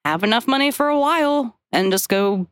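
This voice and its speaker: A woman's voice: on the high side, animated, a little fast, clean tone, dry recording, studio quality. A woman from Mississippi co-hosting a podcast, rambling and giggling through crude comic chat. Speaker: podcast co-host.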